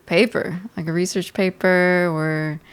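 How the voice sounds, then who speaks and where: A young woman moderating a casual panel discussion, telling stories with lively acted-out quotes. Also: measured pace, clear, resonant tone. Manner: animated storyteller, acts out quotes in a high voice.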